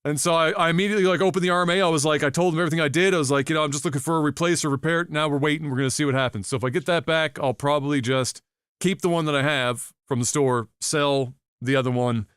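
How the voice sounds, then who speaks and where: Animated, profane podcast storyteller man. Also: fairly high pitch, fast, clean tone, no echo, studio quality. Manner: animated, profane, acts out his own reactions. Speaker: podcast co-host.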